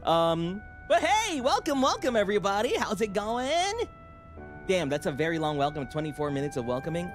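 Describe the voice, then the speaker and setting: A young man chatting excitedly on a livestream, rambling and jumping between shouting and mumbling. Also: sits high, moderate pace, faint music behind. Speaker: streamer. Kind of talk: excited casual livestream chat.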